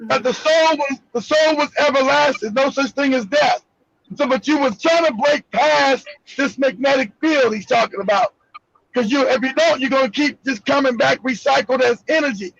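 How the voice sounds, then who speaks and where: A man's voice: very high voice, normal speed, vocal fry, a bit bright, no echo, muffled recording. An American man hosting a call-in chat, talking in an emphatic, preachy way and repeating himself. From United States. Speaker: host.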